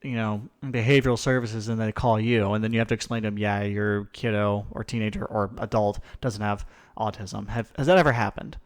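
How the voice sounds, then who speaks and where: A young man hosting a podcast, chatting casually and telling stories with quick asides. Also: fairly low pitch. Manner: animated storyteller, quick asides. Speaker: podcast host.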